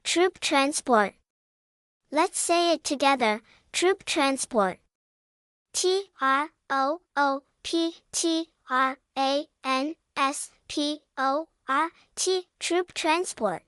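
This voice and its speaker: A woman narrating a scripted vocabulary lesson for young children, spelling words out slowly and adding playful sound words. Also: high voice, dry recording, studio quality. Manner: slow, even spelling-out with cheerful sound words. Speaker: vocabulary teacher.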